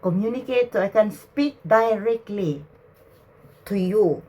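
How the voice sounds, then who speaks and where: A woman addressing spirits aloud on camera, emotional and halting, laughing and close to tears as she speaks. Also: mid-range voice, lively intonation, dark tone. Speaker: spiritual channeler.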